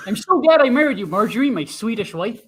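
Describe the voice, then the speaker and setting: A man's voice: very high voice, sing-song, quick pace, a little hiss or hum. A man doing a folksy 1960s family man. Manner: folksy, self-satisfied. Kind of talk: improvised comedy.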